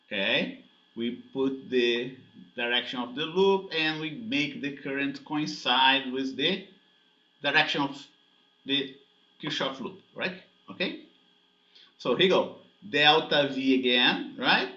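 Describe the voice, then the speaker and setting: A man's voice: mid-range voice, slow pace, bright, forceful tone. A man teaching a physics lesson, explaining step by step and often checking in with "okay?" and "right?". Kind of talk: classroom lecture. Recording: echoey dull lecture recording.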